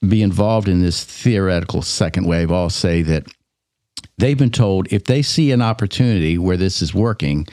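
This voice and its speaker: A man with a very low, deep voice talks through history questions in an easygoing, joking way, thinking out loud as he goes. The sound is dry and close, with no room around it. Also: normal speed, no room sound. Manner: relaxed, joking, thinks aloud. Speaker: licensed battlefield guide. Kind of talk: casual podcast chat.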